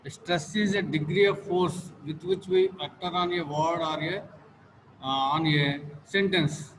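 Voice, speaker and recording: A male teacher with an Indian English accent giving an online class lecture, halting, repeating each sentence and filling pauses with "uh". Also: fairly high pitch. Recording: echoey room with steady background noise.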